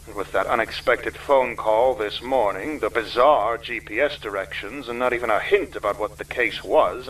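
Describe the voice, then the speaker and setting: Man doing a smug lawyer dad type, mid pitch, kinda far off the mic. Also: a bit bright, slight background noise, close to an everyday voice. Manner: self-assured, wry. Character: confident middle-aged male lawyer, smooth. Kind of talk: web horror series acting.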